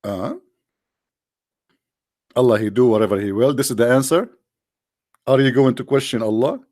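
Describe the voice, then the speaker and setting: A man's voice: medium pitch, a little mellow, no echo, clean studio sound. Sarcastic man in mocking commentary. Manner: mocking, repetitive, halting non-native English. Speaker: religious debate host.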